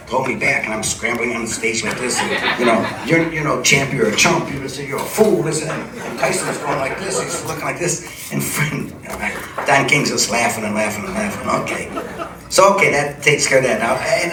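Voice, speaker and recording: An older man from Cleveland, a television personality, telling rambling anecdotes to a live supper club audience with plenty of chuckling. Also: mid-range voice. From Cleveland, USA. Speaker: TV personality telling stories on stage. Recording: echoey club from a distant mic, audible ambience.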